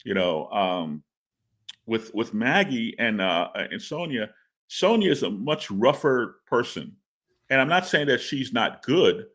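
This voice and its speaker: A man's voice: mid-range voice, big pitch swings, measured pace, fairly bright tone. A man talking as a guest in a casual interview, rambling and stammering with repeated words and laughs. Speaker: comic book writer interviewed as guest.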